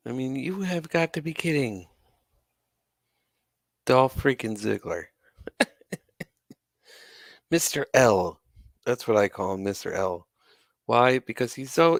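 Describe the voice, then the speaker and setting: Ranting to camera on his wrestling commentary channel, the host sounds sarcastic and exasperated and swears now and then. His medium-pitched voice has lively intonation, a slow pace and frequent pauses. It's a dry, studio-quality recording.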